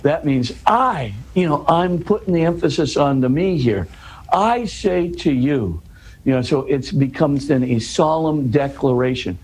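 A man's voice: on the high side, moderate pace, hardly any pauses, a little mellow, a little hiss or hum, low-quality recording. A man, a guest in an interview, explaining scripture in earnest conversation. He restarts and repeats words, tags his points with "right?" and builds to emphatic questions.

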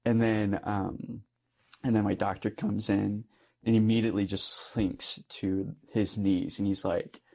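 A man's voice: lowish voice, flat delivery, measured pace, creaky, darkish tone. A young man, a Catholic priest, telling a personal story in earnest conversation and laughing often. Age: young adult.

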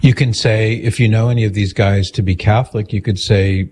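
A man's voice: fairly low pitch, steady tone, fairly quick, few pauses, darkish tone. A man hosting an advice call-in talk, direct and earnest, acting out the questions he suggests. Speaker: radio host giving advice.

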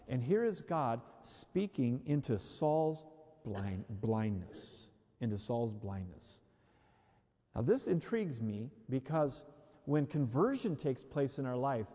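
A man preaching a sermon in an emphatic, animated way, repeating key phrases for the congregation. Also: medium pitch. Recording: long hall reverb.

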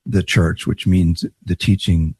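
A man co-hosting a casual Catholic talk show, explaining church practice in a measured way and often affirming his co-host. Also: low-pitched, flat delivery, darkish tone, slightly rough, dry recording. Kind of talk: casual Catholic podcast chat.

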